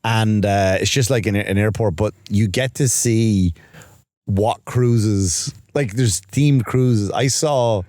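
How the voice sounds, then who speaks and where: A man's voice: fairly low pitch, takes it slowly, a little mellow, no room sound, clean studio sound. A man with an Irish accent co-hosting a comedy podcast, rambling through stories with many restarts and acted-out quotes. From Ireland. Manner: rambling storyteller, restarts and acts out quoted voices. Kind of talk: casual comedic chat.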